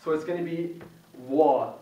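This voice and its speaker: A young man teaches a student class in a small meeting room, his slightly high voice patient and casual as he repeats sounds for the group. He is picked up from across an echoey room, and the sound is muffled and a little dull. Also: fairly quick, darkish tone, recorded from a distance. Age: young adult. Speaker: Quran recitation teacher.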